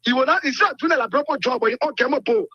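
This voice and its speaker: A man's voice: extremely high pitch, rapid-fire, pushed and bright, slightly rough, no room sound. A man calling in to a radio show, talking in a rambling, insistent way. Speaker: caller. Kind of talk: call-in commentary. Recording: dull phone line.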